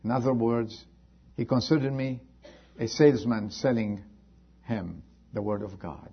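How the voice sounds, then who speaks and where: A male pastor delivers a sermon in a husky voice. He swings between loud, pleading appeals and low, hushed warnings. The recording sounds dull and lo-fi. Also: fairly even intonation, measured pace.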